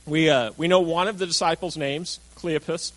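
Pastor, male, somewhat high voice, storytelling sermon delivery, acts out quoted lines. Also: fairly even intonation, normal speed, low-quality recording.

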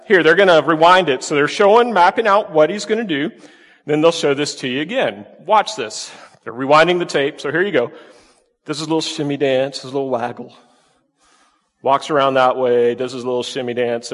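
A man preaching a conversational sermon as pastor, full of rhetorical questions. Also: fairly high pitch. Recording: long reverb of a large hall.

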